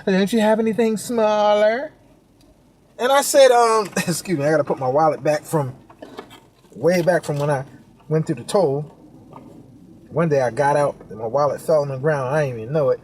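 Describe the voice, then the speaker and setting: A man giving a motivational talk, telling stories loudly with slang, laughing often and acting out other people's lines. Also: fairly high pitch, animated, a little fast, slight background noise. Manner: loud, laughing, street slang, acts out quotes. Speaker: motivational speaker. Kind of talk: animated motivational storytelling.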